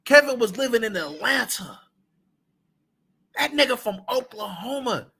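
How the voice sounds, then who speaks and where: A man's voice: very high voice, expressive, measured pace, creaky, bright, forceful tone, slightly rough. A man hosting a reaction stream, talking bluntly in slang and repeating lines for emphasis. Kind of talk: casual reaction commentary.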